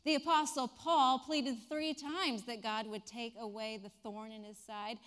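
A woman preacher delivering a sermon with animated, dramatic storytelling. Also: a little high, measured pace, hardly any pauses, long reverb tail.

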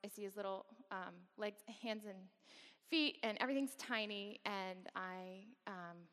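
With a medium-pitched, slightly bright voice, a little slow, a woman speaks as guest at a campus worship service. Her candid personal story carries wry, self-deprecating humor, and the big hall gives it a long reverb.

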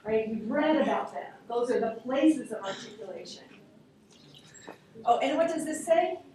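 A woman teaching a linguistics class in a lively, informal way, often putting questions to her students. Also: fairly high pitch, normal speed, slight background noise. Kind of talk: classroom lecture. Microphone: room recording from a distance. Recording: very echoey classroom, distant mic.

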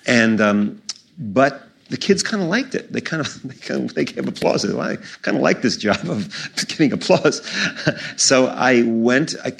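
A man in his sixties tells animated stories onstage. His voice is low and gravelly with a husky edge. He talks in quick bursts full of restarts. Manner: animated storytelling with laughs and restarts. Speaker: magician in onstage conversation. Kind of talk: storytelling conversation. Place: stage before a live audience.

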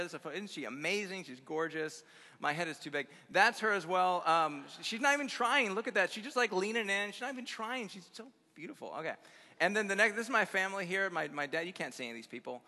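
A man preaches to a college audience in a sermon full of personal stories, upbeat and effusive, often chuckling. His voice sits fairly high, bright and forceful with a gravelly edge. The sound rings with the long reverb of a big hall. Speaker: guest speaker at a college chapel conference. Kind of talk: conference sermon with personal storytelling.

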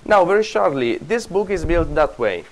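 A man's voice: on the high side, very animated, normal speed, low-quality recording. Italian-accented man lecturing with restarts. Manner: rambling, restarts and self-corrections, laughs often. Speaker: university classics lecturer. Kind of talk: classroom lecture. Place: classroom.

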